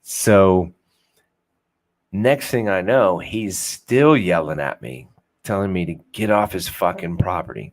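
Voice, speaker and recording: Casual podcast host, young man with a low voice, loose and rambling, profane, self-mocking humor. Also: expressive, slow. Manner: swears freely, rambling, self-deprecating. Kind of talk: casual unfiltered chat.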